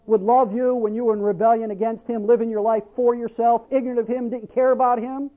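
A man's voice: very high voice, level tone, fast talker, muffled recording. A male pastor preaching a sermon, asking the congregation questions and drawing out scripture quotes for emphasis.

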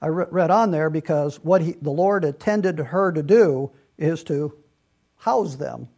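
Unhurried and warm, a man with a fairly high-pitched voice teaches from the Bible in a sermon-like way. He's earnest yet conversational, often starting sentences over and adding side remarks.

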